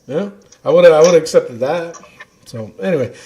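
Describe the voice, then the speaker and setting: A man co-hosting a casual podcast, animated and quick to vent, laughing often as he talks. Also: a little high. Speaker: podcast co-host. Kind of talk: casual chat.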